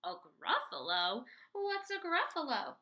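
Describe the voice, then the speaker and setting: A woman voicing a sly, hungry male fox in a storybook read-aloud, smooth and coaxing. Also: extremely high pitch, sing-song, slow, pushed and bright, voice pushed up, full character voice.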